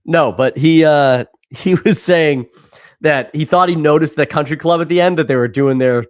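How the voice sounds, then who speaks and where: A man's voice: fairly high pitch, moderate pace. A man co-hosting a casual movie review podcast, laughing often and acting out lines from scenes. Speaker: podcast co-host. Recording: dull lo-fi sound.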